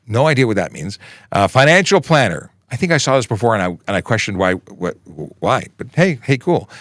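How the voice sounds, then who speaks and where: A Canadian man in his forties hosts a casual police Q&A livestream, chatty and upbeat with rambling asides. His medium-pitched voice is sing-song, a bit bright and a little fast. The recording is clean studio sound with no room noise.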